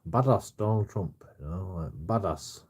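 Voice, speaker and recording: A man's voice: low voice, moderate pace, darkish tone, breathy edge. A man, a streamer, rants casually in a rambling, repetitive way and swears constantly. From England.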